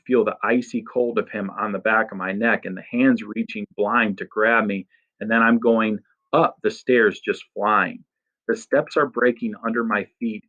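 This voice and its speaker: A man reading a first-person story aloud in a steady, expressive narration. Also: fairly low pitch, phone-quality sound. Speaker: audiobook narrator.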